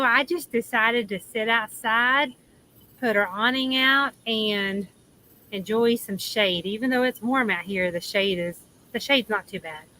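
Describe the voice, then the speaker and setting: A woman's voice: a little high, sharp tone, a little hiss or hum, low-quality recording. A woman with a Southern accent hosting a casual livestream chat from outdoors, chatty and laughing, trailing off with ums. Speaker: livestream host. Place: outdoors in the shade under an awning.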